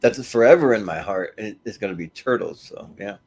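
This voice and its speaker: A man with a fairly low voice chats casually on a podcast. He jokes around and chuckles often while he makes his picks. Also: expressive, brisk, a little mellow, slightly rough. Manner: playful, joking, chuckles often. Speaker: podcast co-host. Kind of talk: casual group chat.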